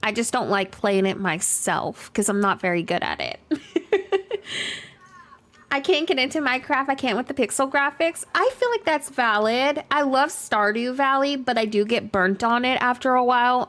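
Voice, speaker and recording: A woman's voice: a little high, animated, moderate pace, a bit bright. Chatty young woman streamer. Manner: chatty, filler-heavy, laughs often, reads chat aloud. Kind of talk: casual livestream chat while gaming. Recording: faint music behind.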